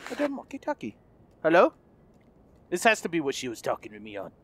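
High-pitched goofy gamer man. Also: wildly swooping pitch, brisk, husky. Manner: goofy, loud, repeats lines and yells when startled. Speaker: gaming YouTuber. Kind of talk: let's play commentary.

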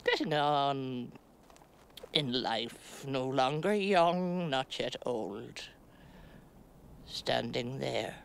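A woman as slow, stoic middle-aged woman. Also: very deep voice, lively intonation, gravelly, full character voice. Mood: musing. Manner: slow, halting delivery with long pauses. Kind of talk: stage play monologue.

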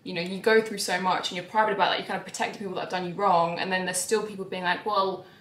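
A young woman vlogging about her life in a candid, emotional way. Her voice swings between soft, sighing lines and sudden raised outbursts. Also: lowish voice, flat delivery, racing, roomy sound, a little hiss or hum. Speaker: YouTuber. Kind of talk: confessional vlog talk.

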